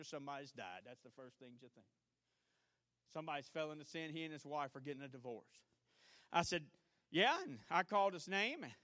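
A male pastor with a Southern US accent preaching a sermon, swinging between shouted exhortation and quiet storytelling. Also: a little high, no room sound, clean studio sound. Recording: archived church service.

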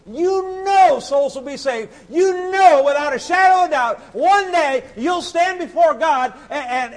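A man preaching a sermon, impassioned and repetitive, swinging between shouts and hushed pleading. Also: very high voice, rough recording. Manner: sings hymn lines briefly.

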